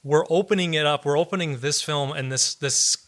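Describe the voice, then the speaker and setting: A man with a fairly high, bright, forceful voice co-hosts a film podcast. He talks in a loose, rambling, easygoing way. His voice is close to the mic. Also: a little fast. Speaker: podcast co-host. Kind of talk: casual film discussion.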